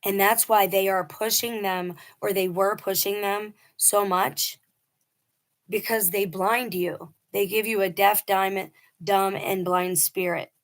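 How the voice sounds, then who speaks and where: A woman's voice: medium pitch, fairly even intonation, slow. A middle-aged woman telling a personal story in a casual, earnest and emphatic way, acting out quoted dialogue. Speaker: vlogger telling a personal testimony.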